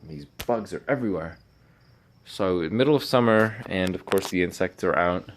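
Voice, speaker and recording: Rambling low-voiced man in his garage. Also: animated, normal speed, slight background noise. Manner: rambling, chatty, self-mocking asides. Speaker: classic car restorer. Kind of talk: casual garage vlog. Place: garage workshop at night.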